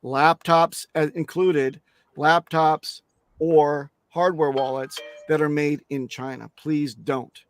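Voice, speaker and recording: A man's voice: on the high side, steady tone, slow, faint music behind. A man speaking as a guest on a crypto interview show, emphatic and blunt, swearing casually and restarting his sentences often.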